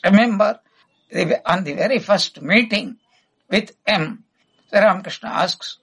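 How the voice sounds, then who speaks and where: A man giving an emphatic spiritual discourse, teaching through a steady stream of rhetorical questions. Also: high-pitched, unhurried, breathy edge, low-quality recording.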